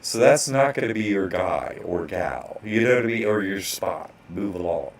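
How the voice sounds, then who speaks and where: Deep-voiced man telling a rambling story. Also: lively intonation, moderate pace. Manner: rambling, restarts, acts out bank clerks. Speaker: online course instructor. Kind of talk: casual rambling monologue.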